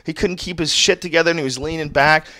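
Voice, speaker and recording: Animated, profane man telling a story. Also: fairly high pitch, quick pace, no room sound. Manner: animated, profane, bursts into loud laughing shouts. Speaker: podcast host. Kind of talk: casual storytelling chat.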